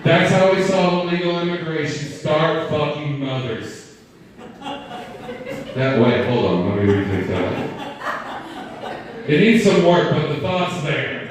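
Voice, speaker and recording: At a live comedy venue, a male stand-up comedian rambles and pokes fun at himself while bantering with the crowd. His voice is slightly high and expressive, and he goes slowly with long pauses. The recording sounds roomy and distant.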